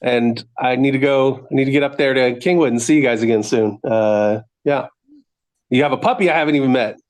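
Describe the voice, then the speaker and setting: A man's voice: mid-range voice, brisk, a little mellow. A man talking as a guest among old friends, hesitant and full of fillers. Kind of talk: casual chat.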